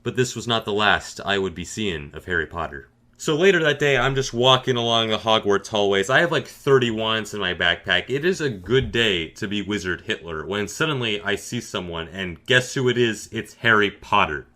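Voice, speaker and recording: Sarcastic guy telling a funny story, deadpan, bright punchy voice. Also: on the low side, moderate pace. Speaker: gaming storyteller. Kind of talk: comedic storytime narration.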